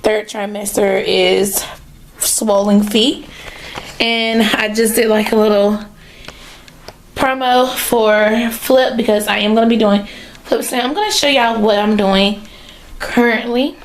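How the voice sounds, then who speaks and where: A woman's voice: medium pitch, steady tone, slow, a little hiss or hum, rough recording. A young woman, chatting casually to her viewers in a vlog, a bit out of breath, recorded on a phone. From North Carolina, US. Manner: chatty, talks straight to viewers. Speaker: vlogger. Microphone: phone held at arm's length.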